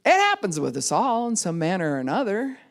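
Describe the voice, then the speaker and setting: A middle-aged woman pastor giving a sermon, animated and acting out the voices of the people she quotes. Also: mid-range voice, fairly quick. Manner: animated, acts out quoted voices of kids and adults.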